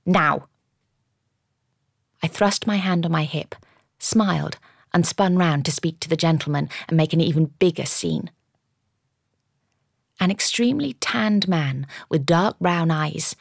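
Low, gravelly woman narrating an audiobook. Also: no echo, studio quality. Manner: measured storytelling with lively character dialogue. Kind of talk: first-person audiobook narration.

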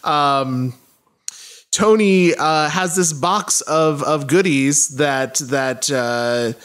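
Higher-voiced man recapping a movie casually. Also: drawn-out words, a bit bright. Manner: rambling, laughing, many fillers. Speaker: podcast co-host.

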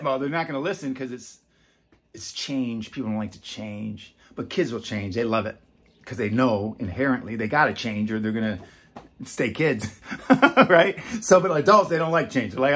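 A man in his fifties hosting a casual talk to camera, animated and teasing, dropping from loud bursts to a hush. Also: mid-range voice, fairly quick, slightly rough. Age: 50s. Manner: animated, swinging between loud and hushed, teasing. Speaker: self-help author and host.

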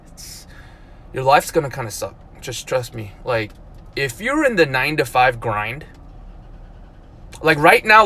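A man in his thirties talking casually on a live stream, animated and full of "dude" and "like", with loud outbursts and mumbled asides. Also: medium pitch. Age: 30s. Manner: lots of "like" and "dude", repeats himself. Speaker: vlogger.

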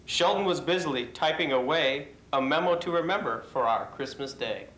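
A man reading a rhyming holiday poem in a steady, measured way for a company video. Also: on the high side. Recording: echoey room.

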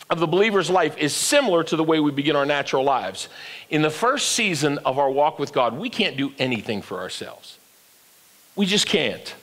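High-voiced older preacher in a reverberant church. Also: male voice, very animated, moderate pace, fairly bright tone. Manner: call-and-response preaching, rising to emphatic peaks. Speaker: pastor. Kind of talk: sermon. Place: church sanctuary.

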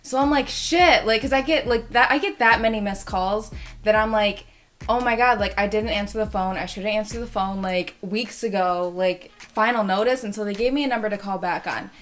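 A young woman telling a story in a casual, rambling way, full of filler words and excitable bursts. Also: medium pitch, a little fast.

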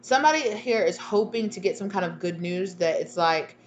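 A woman's voice: medium pitch, lively intonation, normal speed, faint music behind. A woman giving a casual channeled tarot reading, sassy and slangy, laughing at herself. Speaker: tarot reader.

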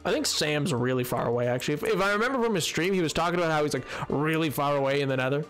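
A man casually chatting while he plays a game on stream, rambling and poking fun at himself. His voice sits fairly high for a man, and soft music plays underneath. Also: animated, racing. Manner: rambling, self-deprecating. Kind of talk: casual gameplay stream chat.

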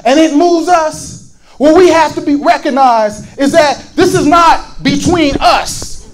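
A man preaching a fiery sermon, often shouting and repeating words as he builds intensity. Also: extremely high pitch, a little slow, soft background music, poor audio. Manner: fervent, shouting, repeats words when worked up.

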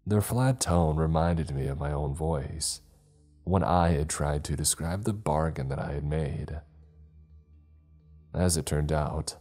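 A man narrating a scripted horror story in a slow, ominous manner. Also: extremely low pitch, warm tone.

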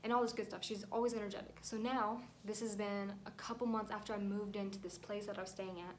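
A woman's voice: mid-range voice, level tone, quick pace, slight background noise. Rambling young woman telling a story. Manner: rambling, emotional, near tears at times. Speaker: vlogger. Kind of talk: casual storytime vlog.

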